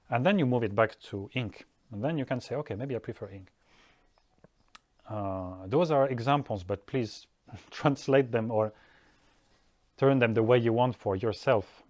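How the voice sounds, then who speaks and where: Male art teacher, mid-pitched, reflective and unhurried, dry close-miked sound. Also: darkish tone, no echo. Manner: thoughtful, unhurried, many restarts and acted-out quotes. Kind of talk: casual podcast-style talk.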